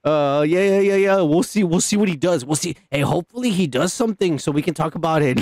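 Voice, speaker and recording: A man's voice: sits high, animated, moderate pace, gravelly, dry recording, studio quality. A man co-hosting a podcast, talking in crude, rowdy banter full of swearing and mock quotes. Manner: profane, rowdy, mock-quoting others. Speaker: podcast co-host.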